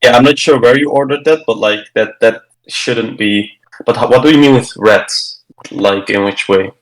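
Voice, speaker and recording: On a video call microphone, a man in an online book club chats casually, explaining things loosely with plenty of fillers and restarts. His mid-range voice moves at a moderate pace, and the recording is rough.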